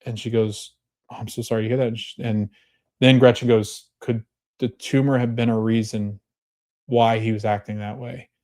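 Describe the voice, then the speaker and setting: A podcast host casually recaps a TV episode, retelling scenes as quoted dialogue, his voice jumping up whenever he gets excited. He speaks at medium pitch and a moderate pace.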